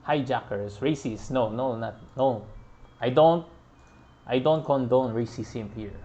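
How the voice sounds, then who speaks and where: Laid-back gamer host, slow-talking and animated, chuckles a lot. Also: male voice, medium pitch. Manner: relaxed, chatty, laughs often. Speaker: gaming podcast host. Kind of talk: casual game play-through commentary.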